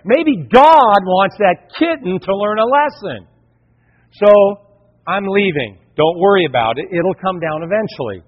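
A man's voice: high-pitched, very animated, normal speed, breathy edge. A pastor, a man, preaching a sermon and telling a folksy, jokey personal story. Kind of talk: sermon with a humorous personal anecdote. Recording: dull recording with long hall echo.

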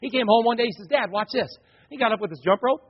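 A man's voice: very high voice, fast, slightly rough. A middle-aged man preaching a sermon, telling family stories and acting out the voices of his kids and wife. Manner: animated storyteller, acts out his family's voices. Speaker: pastor. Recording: dull lo-fi sound in a reverberant hall.

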